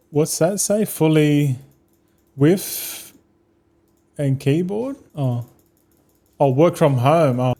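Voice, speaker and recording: A man's voice: medium pitch, warm tone. An Australian man in his thirties, streaming a game and chatting casually with viewers in a rambling, laid-back way, swearing freely. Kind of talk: casual live-stream chat.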